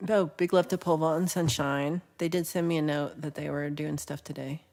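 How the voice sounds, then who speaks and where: A woman's voice: sits low, fairly even intonation, fairly quick, a little mellow. A woman hosting a casual livestream, chatting, teasing and laughing as she reads viewer comments. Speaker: livestream host.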